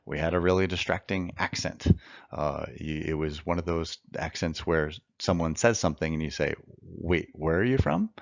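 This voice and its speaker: Low gravelly man lecturing. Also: dry recording, dull audio. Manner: earnest, emphatic, repeats phrases for effect; works to slow down a fast natural pace. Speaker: mock trial instructor. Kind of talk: recorded lecture.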